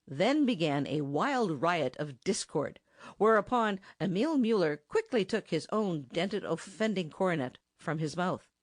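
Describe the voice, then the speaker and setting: A woman narrating an audiobook in an expressive, lively reading close to the mic. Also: fairly low pitch, measured pace, no room sound.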